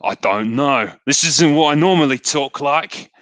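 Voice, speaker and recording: A man's voice: a little high, unhurried, dry recording. Scottish man chatting on livestream. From Scotland. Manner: relaxed, chatty, frequent ums and asides. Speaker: livestream host reading donations. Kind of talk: casual live stream chat.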